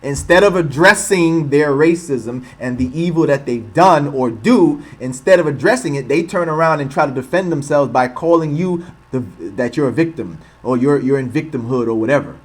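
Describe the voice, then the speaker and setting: A man's voice: fairly high pitch, normal speed, few pauses. A man hosting an online livestream, talking in an impassioned, rhetorical way and repeating points for emphasis. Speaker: channel host. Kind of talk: livestream commentary.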